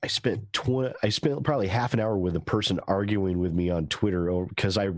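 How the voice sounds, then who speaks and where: A man's voice: sits low, a little fast, no room sound. A man in casual chat before a tabletop game, ranting in a rambling way. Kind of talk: casual chat among players.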